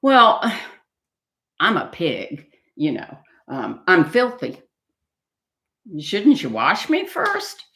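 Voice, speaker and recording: A small, crafty male piglet who sighs and politely wheedles in a raised, childlike voice, as a woman reads him aloud. The storybook delivery is slow and swings widely in pitch. It sounds in an echoey room. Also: huge pitch swings, gravelly, fairly bright tone, heavily acted. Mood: wheedling. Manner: high, sighing, wheedling.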